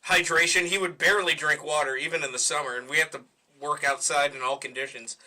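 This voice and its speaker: A man co-hosting a podcast in casual chat, agreeable and quick to chime in. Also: on the high side, steady tone, bright, forceful tone. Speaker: podcast co-host.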